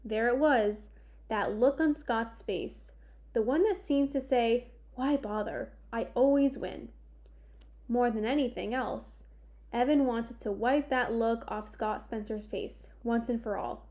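A woman reads a children's sports story aloud as its narrator. Her voice sits fairly high, and she takes the lines slowly and deliberately. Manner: measured, expressive storytelling. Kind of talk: audiobook narration.

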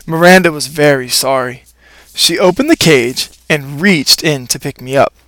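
A man reading a children's storybook aloud in a playful, expressive first-person narration. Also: on the high side, moderate pace, dry recording. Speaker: audiobook narrator.

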